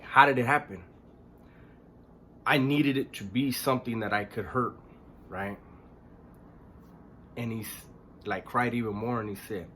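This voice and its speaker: A man recounting a painful memory in a casual, halting way, restarting sentences, clearing his throat and swearing bluntly. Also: lowish voice, a bit bright, slight background noise. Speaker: storyteller recounting his past. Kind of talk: casual spoken storytelling.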